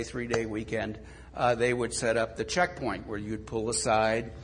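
A middle-aged man, a pastor, preaching a sermon in a relaxed, conversational storytelling manner with touches of self-deprecating humor. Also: medium pitch, measured pace, slight background noise.

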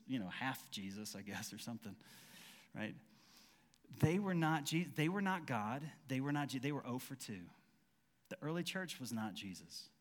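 A man's voice: mid-range voice, long reverb tail. A man preaching a conversational sermon as pastor, acting out quoted dialogue with frequent restarts.

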